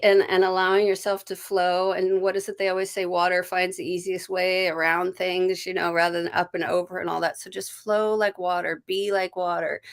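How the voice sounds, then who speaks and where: An American woman hosting a live stream, giving a card and intuitive reading in a gentle, flowing way with many restarts and soft laughs. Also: mid-range voice, vocal fry. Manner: greets viewers warmly by name.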